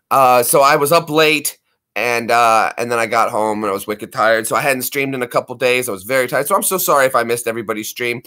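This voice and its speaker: This man's mid-range voice moves fast as he hosts a relaxed livestream. He's chatty and animated, wanders from topic to topic, and puts on voices for the pets.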